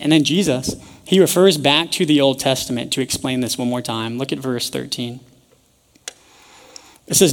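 A young man preaching a sermon in a casual, joking storytelling way with lively asides. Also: mid-range voice, normal speed, long pauses. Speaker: pastor teaching a sermon series. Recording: echoey church hall.

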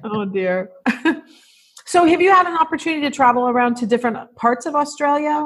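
A woman's voice: high voice, quick pace. A woman interviewing a guest, asking long, searching questions with some hesitation. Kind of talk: casual conversational interview.

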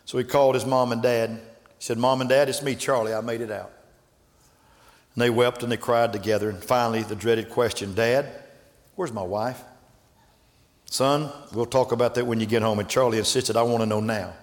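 Fiery preacher in an echoing church. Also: male voice, mid-range voice, fairly even intonation, moderate pace. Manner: swings from hushed storytelling to shouted preaching. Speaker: pastor. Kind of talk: sermon. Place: large church hall. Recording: echoey church hall with congregation. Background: congregation.

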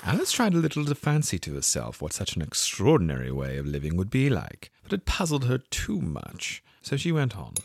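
A man narrating a storybook reading in an expressive, playful way. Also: on the low side, brisk, creaky, hardly any pauses, dry recording, studio quality. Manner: expressive, playful, voices each figure.

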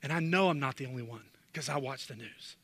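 A man's voice: medium pitch, fast, a bit bright. Man, pastor, emphatic sermon, rhetorical questions, church, long hall echo. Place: church sanctuary. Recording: long reverb of a large hall.

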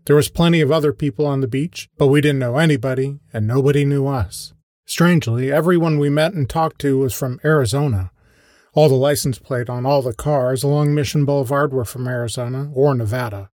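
A man's voice: mid-range voice, fairly quick, darkish tone, no echo. Wry man narrating, very dry close sound. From American Midwest. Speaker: podcast host and narrator. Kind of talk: scripted first-person storytelling.

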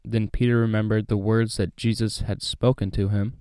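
Guy reading the bible then chatting about it, smooth clear voice, dry close sound, lots of uhs. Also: fairly low pitch, normal speed, no echo. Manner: relaxed, chatty, many fillers. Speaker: Bible study host. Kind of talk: casual Bible reading and commentary.

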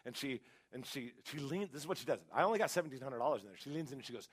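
A middle-aged man, a guest pastor, preaching a sermon in a church with animated, humorous storytelling. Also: medium pitch, rapid-fire, husky. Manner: animated storytelling with humor, rising to loud emphasis. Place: church sanctuary.

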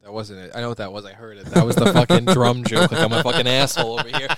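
Exasperated young podcaster, swinging pitch. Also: male voice, expressive, racing, over music. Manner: exasperated, profane. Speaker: podcast co-host. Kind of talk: casual banter.

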